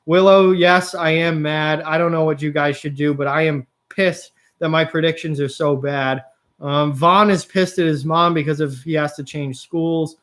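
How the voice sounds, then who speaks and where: A young man with a high, light voice hosts a live stream. He chats casually with viewers, answering their comments one by one. He grumbles openly about how badly his game picks are going. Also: steady tone, moderate pace, fairly bright tone. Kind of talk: live reaction stream chat.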